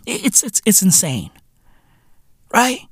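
A South African man hosting a podcast, ranting comically with profanity, repeating himself in loud disbelief. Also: sits high, wildly swooping pitch, takes it slowly, husky. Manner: loud, incredulous, repeats himself, swears constantly. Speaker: podcast host. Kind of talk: profane comedic rant.

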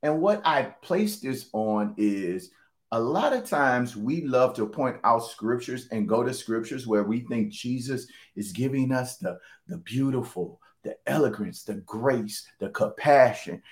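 A man preaching in a relaxed, conversational way. He hammers his points home by repeating phrases and pushes his voice up when he stresses something. His pitch sits at an ordinary middle for a man. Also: measured pace. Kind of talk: sermon.

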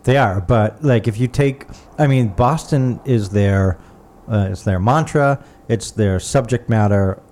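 Mellow low-voiced man, rambling happily. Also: measured pace. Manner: enthusiastic, rambling, lots of "uh" and "like". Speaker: podcast co-host. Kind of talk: casual chat about music.

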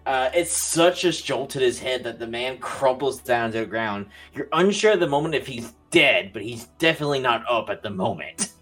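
A man narrates a tabletop game as its game master, easygoing and peppered with fillers. His pitch sits in an everyday middle range. A faint bed of music plays behind him. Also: animated, moderate pace, few pauses, fairly bright tone. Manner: casual, swears, many "like" fillers.

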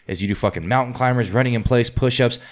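A man casually telling boot camp stories, swearing constantly and acting out drill instructors' yelling. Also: medium pitch, fast talker. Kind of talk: casual podcast chat.

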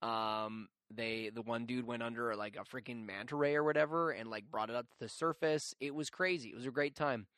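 A young man hosting a podcast, telling a story in a chatty, animated, self-mocking way with lots of fillers. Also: mid-range voice, fairly quick, few pauses, no room sound, clean studio sound. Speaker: podcast host. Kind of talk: casual storytelling.

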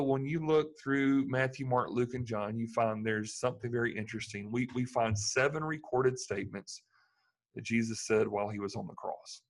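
Guy preaching a sermon, earnest, gets fervent, average pitch. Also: creaky. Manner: earnest, builds to fervent emphasis. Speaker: pastor.

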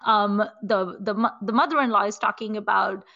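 A woman co-hosting a podcast, retelling a film scene in a casual, animated way full of "like" and "you know". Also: medium pitch, moderate pace, gravelly, dull audio. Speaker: podcast co-host.

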